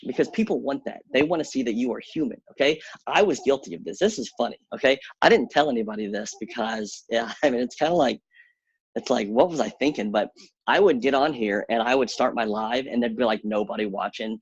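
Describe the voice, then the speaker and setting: Husky-voiced man coaching with energy. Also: fairly quick, no room sound, lo-fi sound. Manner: energetic, coaching, acts out self-doubt in high squeaky voices. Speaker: workshop speaker. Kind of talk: motivational social media coaching talk.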